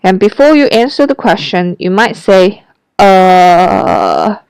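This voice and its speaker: A woman's voice: medium pitch, animated, normal speed, darkish tone, clean tone, no room sound, poor audio. A woman teaching Mandarin pronunciation in a scripted lesson, carefully demonstrating each sound.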